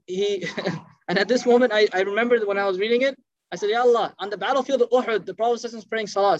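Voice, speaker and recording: A man telling a story in a lively sermon, acting out the quoted speech and mixing in Arabic phrases. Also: high voice, no echo. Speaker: preacher. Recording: dull, dry lo-fi sound.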